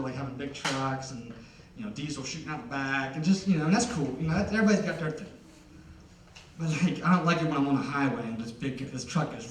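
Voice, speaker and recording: A young man from Ohio, with a fairly high voice, rambles through a self-deprecating stand-up set packed with fillers. He sounds distant, and the hall echoes around him. A faint room hum sits underneath. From Ohio, USA. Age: young adult. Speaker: stand-up comedian. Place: concert venue on stage.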